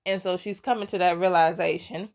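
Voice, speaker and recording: A woman's voice: lowish voice, steady tone, a little fast, darkish tone. A young woman casually recapping a story game, rambling with lots of fillers and restarts, and often laughing in amusement. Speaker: gaming content creator.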